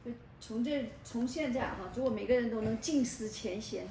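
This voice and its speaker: A woman interviewing, chiming in quickly and agreeably. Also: on the high side, warm tone, a little hiss or hum. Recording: echoey room, mic off at a distance.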